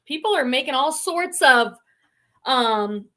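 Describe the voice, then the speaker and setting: A woman's voice: high-pitched, expressive, takes it slowly, pushed and bright. A middle-aged woman hosting a casual live stream about online reselling, chatting and reading viewer comments aloud. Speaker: reselling channel host.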